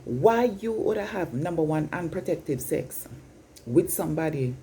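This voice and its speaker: A woman's voice: low voice, animated, unhurried, warm tone, a little hiss or hum. A Jamaican woman in her fifties giving an incredulous, scolding opinion vlog, slipping in and out of patois. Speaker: vlogger.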